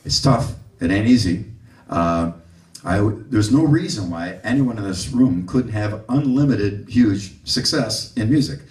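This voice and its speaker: A man giving a music clinic to a live audience, an animated storyteller who acts out the people he quotes. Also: on the low side, a little slow. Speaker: bass clinician. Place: room with an audience. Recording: roomy audio from a distant mic.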